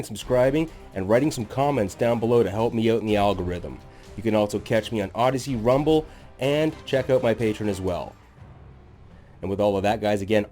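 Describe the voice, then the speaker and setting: A man's voice: mid-range voice, darkish tone. Male host, sardonic comedic lore narrator, mid-range voice, jokey and self-mocking.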